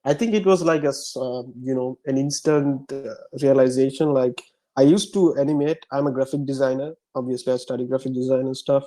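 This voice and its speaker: Mellow-voiced young man, halting answers. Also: medium pitch, rough recording. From Sri Lanka. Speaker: author guest. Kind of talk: casual interview answers.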